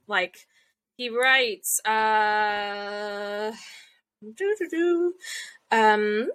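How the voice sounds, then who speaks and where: A woman's voice: fairly high pitch, lively intonation, very slow, sharp tone. A young woman chatting casually, recapping episodes with lots of fillers and acted-out quotes. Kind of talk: casual chat recapping an anime.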